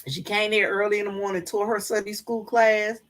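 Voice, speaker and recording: A woman's voice: medium pitch, little pitch movement, fairly quick, a bit bright. A middle-aged woman, chatting casually to her viewers and telling folksy stories. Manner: folksy storytelling, addresses viewers as y'all. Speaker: vlogger. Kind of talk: casual chat to live viewers.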